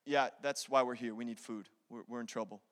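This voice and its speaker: A man voicing fearful, stammering brothers who beg for food in a hushed, pleading voice. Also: mid-range voice, fairly even intonation, brisk, voice pushed down, lightly acted. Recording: long hall reverb.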